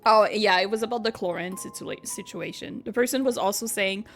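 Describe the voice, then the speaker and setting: A woman's voice: mid-range voice, a little fast, hardly any pauses. Girl streaming, chatty and laughy, game music under her voice. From Quebec, Canada. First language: French. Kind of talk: casual chat over gameplay.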